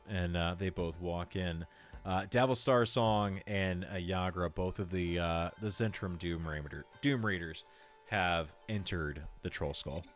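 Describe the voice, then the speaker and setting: A man narrating as game master in a tabletop game, rambling with frequent pauses. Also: low-pitched, fairly even intonation, soft background music. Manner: rambling, full of filler and restarts.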